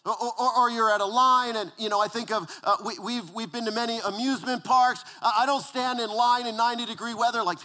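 Man, pastor, sermon, high-pitched, bright, conversational, hushed emphasis. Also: steady tone, brisk, hardly any pauses. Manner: conversational, repeats words, drops to a hushed low voice for emphasis.

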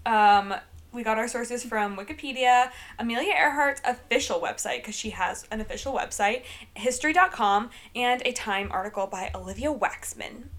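A woman's voice: fairly high pitch, moderate pace, a bit bright. A young woman co-hosting a podcast in casual comedic chat, silly and playful. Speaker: podcast co-host.

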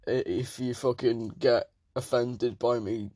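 Husky man hosting a loose, crude podcast chat. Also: mid-range voice, fairly even intonation, takes it slowly, mellow, dry recording. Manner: crude, joking, rambling. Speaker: podcast host. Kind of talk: casual stoned banter.

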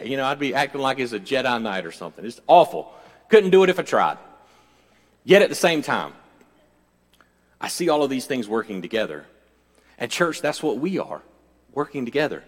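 A man's voice: mid-range voice, animated, brisk. A man pastor preaching a sermon, moving from conversational storytelling with jokey asides to fervent, repetitive declarations. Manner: self-deprecating jokey asides. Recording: long reverb of a church hall.

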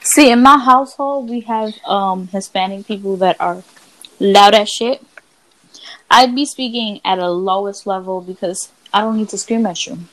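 A woman's voice: mid-range voice, normal speed, a bit bright. A woman co-hosting a casual podcast, telling stories in a blunt, profane way. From Dominican family. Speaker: podcast co-host. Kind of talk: casual chat.

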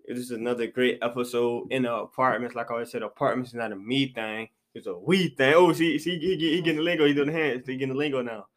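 A man's voice: medium pitch, fast, few pauses. A young man hosting a casual podcast chat, loose and slangy, repeating his phrases as he goes. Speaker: podcast host.

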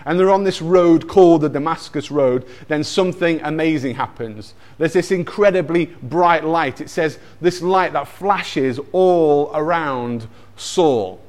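A man with a fairly high voice tells a Bible story. He is animated and lively, and his delivery moves between quick asides and slow, dramatic moments. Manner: animated, with acted-out moments and personal anecdotes. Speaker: speaker retelling a Bible story.

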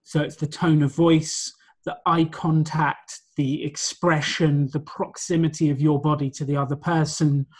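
A man's voice: a little high, level tone, a little slow, breathy edge. A man being interviewed about his work as a presentation coach, explaining his points in a confident, orderly way. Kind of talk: conversational interview.

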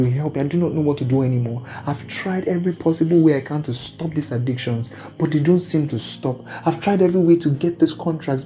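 A man's voice: on the high side, warm tone. A man preaching a sermon and leading listeners in earnest, pleading prayer. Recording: faint music behind.

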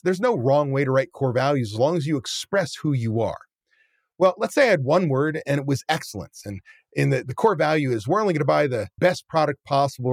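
A man's voice: fairly high pitch, no echo, studio quality. A man who owns a restaurant, chatting casually and animatedly, acting out scenes and swearing bluntly. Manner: animated, acts out scenes with quoted voices. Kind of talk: casual chat, storytelling.

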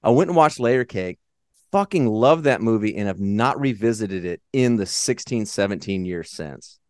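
Recapping a movie on the podcast he co-hosts, this man talks casually and profanely, getting excitable with quick asides and frequent laughter. His voice is on the low side, clear and resonant, recorded dry with clean studio sound.

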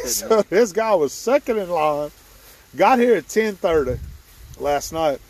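A man's voice: high-pitched, big pitch swings, slow, a little mellow. A man, hosting a hunting video and telling a story outdoors with frequent laughter. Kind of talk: casual storytelling. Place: outdoors at a boat launch before dawn.

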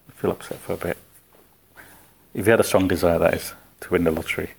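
Low-voiced man teaching a philosophy class. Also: steady tone, fast talker, gravelly, pauses often, a little hiss or hum. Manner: conversational, asks the class questions. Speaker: spiritual teacher. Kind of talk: informal philosophy class talk.

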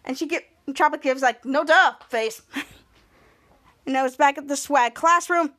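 Woman, high voice, podcast host, casual recap, acting out character lines. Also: normal speed, a bit bright.

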